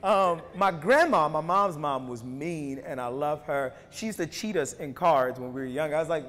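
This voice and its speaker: A man performing slam poetry before an audience, rhythmic, with emphatic rises between relaxed, joking asides. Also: a little high, moderate pace, slight background noise. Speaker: performance poet. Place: university hall before an audience. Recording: long hall reverb from a live stage.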